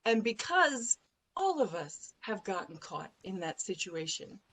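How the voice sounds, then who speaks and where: A woman guest on a business podcast, telling an anecdote in an animated, blunt way. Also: medium pitch, a little slow, slight background noise, poor audio. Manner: colorful, blunt phrasing. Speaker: guest, recruiting firm president. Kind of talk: podcast interview storytelling.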